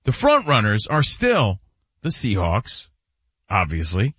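A man's voice: on the low side, huge pitch swings, slow pace, a bit bright, husky, dry recording, lo-fi sound. A man hosting a casual sports talk show, steering the segment and reading listener comments. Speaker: sports radio host.

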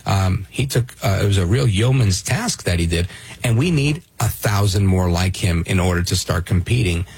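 Gravelly, husky talk-radio host. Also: male voice, low voice, expressive, normal speed, darkish tone. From Brooklyn, New York. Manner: emphatic, restarts and rhetorical "right?".

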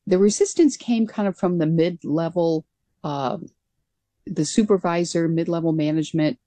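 A woman's voice: low voice, moderate pace, mellow, no room sound. A woman who was a military pilot, telling her story as a radio interview guest in an earnest, reflective way.

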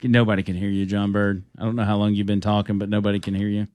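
A man's voice: fairly low pitch, flat delivery, a little mellow, no echo, studio quality. A man hosting a casual chat, reading out listener messages and laughing often. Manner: laughs often, reads out phrases slowly. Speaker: show host reading listener comments.

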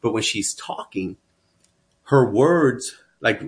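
A man's voice: mid-range voice, lively intonation, slow. A man from Texas telling his life story as a guest, earnest and emphatic. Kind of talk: personal storytelling.

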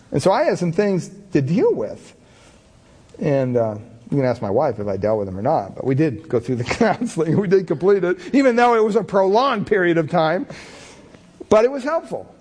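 A man's voice: a little high, a little mellow, husky. A middle-aged man preaching a sermon, telling candid, self-deprecating stories about himself with many casual fillers. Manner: chatty, many fillers like "you know". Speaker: pastor.

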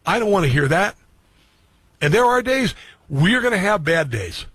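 A man's voice: sits high, big pitch swings, normal speed, fairly bright tone, breathy edge, dry recording. A middle-aged man hosting a radio and streaming talk show, speaking earnestly to his listeners and repeating phrases for emphasis. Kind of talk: personal monologue to listeners.

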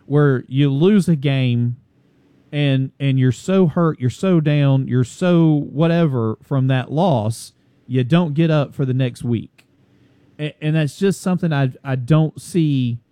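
A man's voice: mid-range voice, slow pace, warm tone, no echo. A man co-hosting a casual sports debate, emphatic and repeating his points. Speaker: sports talk co-host.

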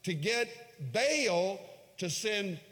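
A man preaching a sermon, retelling a scripture story dramatically, swinging from hushed lines to loud, raised ones. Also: high voice, expressive, very slow. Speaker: pastor. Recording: long hall reverb.

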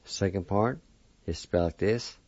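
A man teaching a language lesson, deliberately spelling out and sounding each syllable one by one. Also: sits low, darkish tone, dry recording. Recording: dull lo-fi recording.

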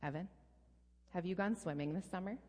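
A woman's voice: lowish voice, brisk, a little mellow. A woman pastor reading a storybook aloud to a child in a church, with playful sound effects. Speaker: pastor leading a children's message. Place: church sanctuary. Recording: long reverb in a large hall.

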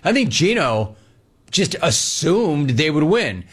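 A sarcastic male sports radio host who talks emphatically and keeps up a steady monologue. His voice sits on the higher side for a man. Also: measured pace, slightly rough.

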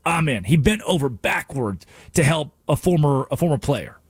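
A male sports radio host delivering an animated, sarcastic rant from a studio. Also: fairly high pitch, normal speed, slightly rough, no echo. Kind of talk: sports talk radio monologue.

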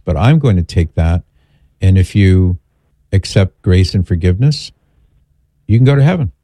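A man's voice: low voice, mellow, no echo. A man earnestly explaining scripture in a conversational teaching style, quoting passages at length as he answers a question. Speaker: Catholic apologist answering questions.

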